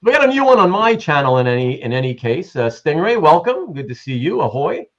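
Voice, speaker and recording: Animated male livestream host, lo-fi sound. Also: a little high, a little fast. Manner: animated, rambling, reads chat aloud. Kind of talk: casual livestream chat, greeting viewers.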